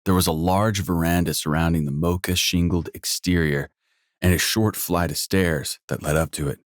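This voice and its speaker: A man with a very low voice reads a first-person audiobook in a measured, even way. The sound is dry and close, with no room around it. His delivery stays steady through description and scene. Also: no room sound. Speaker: audiobook narrator.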